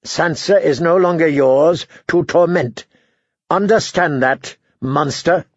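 A man voicing a sharp-tongued dwarf uncle with a hoarse voice, cutting and quietly threatening, on a dull, dry recording. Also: a little high, takes it slowly, dry recording. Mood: menacing.

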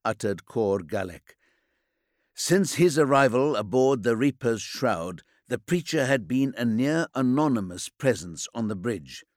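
Slow, measured male audiobook narrator. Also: on the low side, a little mellow, dry recording, studio quality. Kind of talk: scripted narration.

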